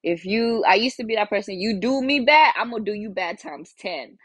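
This young podcast host talks a little fast in a mid-range, slightly rough voice, recorded without echo. Flying solo, she's blunt and casual, curses heavily, and regularly acts out her inner monologue.

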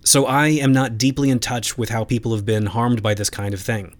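A man of average pitch hosts his own podcast, speaking alone. He thinks aloud in a loose, conversational way, sometimes restarting a phrase before carrying on. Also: steady tone, fairly quick. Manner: conversational, reflective, with frequent restarts. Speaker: podcast host. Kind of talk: solo podcast commentary.

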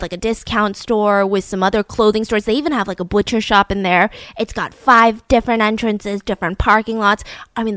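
A woman hosting a podcast, telling a true-crime story in a casual, animated way, full of "like" and "right?" asides. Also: medium pitch, no room sound. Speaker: podcast host.

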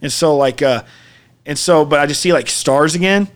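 Rambling, somewhat high-voiced man telling a story. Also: normal speed. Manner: rambling, full of "like" and "dude"; reflective, earnest. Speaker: podcast co-host. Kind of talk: casual storytelling.

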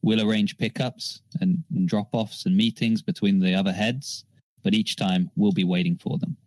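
A man's voice: fairly even intonation, a little mellow, dry recording, close to an everyday voice, low-quality recording. A man playing smug scheming Red Hood. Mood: persuasive. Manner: smooth persuasive pitch, measured. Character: scheming male antihero gang boss, smug planner.

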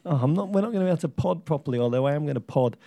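A man's voice: on the high side, animated, rapid-fire, vocal fry, dark tone, no room sound. A man co-hosting a casual podcast chat, wry and theatrical, raising toasts with flourishes. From England. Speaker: podcast co-host.

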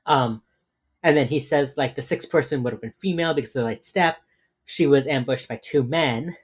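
A man's voice: mid-range voice, moderate pace, breathy edge. A man co-hosting a podcast, rambling through a casual recap of a TV episode with many fillers. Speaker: podcast co-host.

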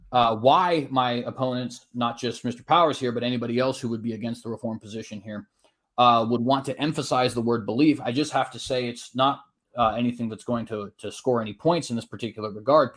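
Earnest man arguing a formal debate. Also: medium pitch. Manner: earnest, argumentative, quotes scripture at length; frequent tag questions and "uh" restarts.

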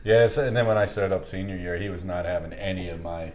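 A man's voice: deep voice, brisk. A man co-hosting a podcast, telling old team stories in a laid-back way, swearing freely and laughing at his own tales. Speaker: podcast co-host. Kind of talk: casual chat. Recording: echoey room with faint background noise.

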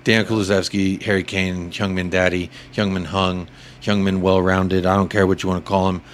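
Brief: male podcast co-host, slightly low voice, casual and jokey, faint room noise behind. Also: flat delivery, moderate pace. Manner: thinks aloud, jokey asides. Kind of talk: casual sports chat.

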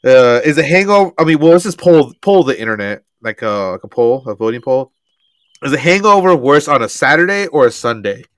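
A man's voice: medium pitch, a little fast, no echo. A young man co-hosting a podcast, chatting casually with friends, swearing freely and laughing often. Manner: profane, laughing, animated storytelling. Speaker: podcast co-host. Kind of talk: casual chat.

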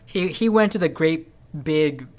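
A woman's voice: low voice, expressive, unhurried. A woman co-hosting a casual podcast, chiming in with wry, joking asides. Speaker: podcast co-host. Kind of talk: casual chat.

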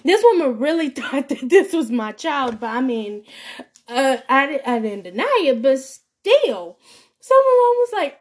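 A teenage girl with a high, bright voice tells a rambling, casual story in a loose, colloquial way. She leaps up into other people's voices as she quotes them. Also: a little slow. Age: teens. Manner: animated, acts out quoted voices with big pitch jumps. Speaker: podcast host.

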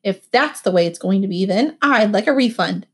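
A woman's voice: mid-range voice, lively intonation, normal speed, slightly rough. A woman reading the lines of a fussy, demanding adult male motel guest in a complaining, insistent way. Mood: displeased.

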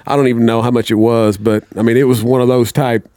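A man's voice: mid-range voice, flat delivery, fast, mellow, no room sound, clean studio sound. A man telling a long, rambling story as a podcast guest, swearing a lot and acting out what people said. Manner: rambling, heavy swearing, acts out quotes. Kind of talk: casual storytelling.

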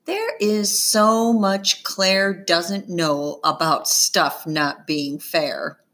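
A woman reading a children's novel aloud, her voice bright and ringing. She tells it slowly and expressively, and her pitch rises and falls freely. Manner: expressive, first-person storytelling. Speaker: audiobook narrator.

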